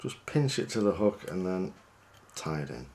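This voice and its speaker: A fishing guide talks through tying a fly, chatty and easygoing. He pokes fun at himself as he goes. His voice sits fairly low. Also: normal speed, slight background noise. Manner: chatty, relaxed, self-deprecating.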